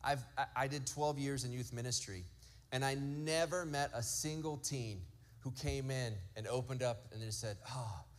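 A man in his thirties preaching a sermon, telling family stories and acting out what kids say. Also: medium pitch. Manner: storytelling, acts out quotes from kids; slow emphatic lists. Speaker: pastor.

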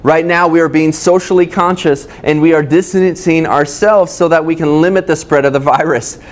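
A man's voice: a little high, steady tone, moderate pace. Conversational male pastor preaching a sermon. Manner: conversational, addresses listeners directly. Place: church service, streamed online.

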